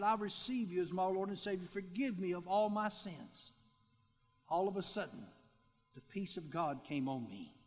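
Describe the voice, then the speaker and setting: A man, a pastor giving a sermon testimony, telling his story in an animated way and acting out the voices he quotes. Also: high-pitched. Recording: long hall reverb.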